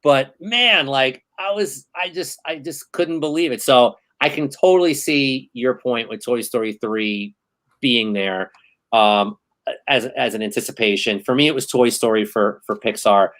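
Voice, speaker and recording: Animated, excitable man in his thirties. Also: medium pitch, unhurried, poor audio. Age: 30s. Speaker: host. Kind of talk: casual podcast chat.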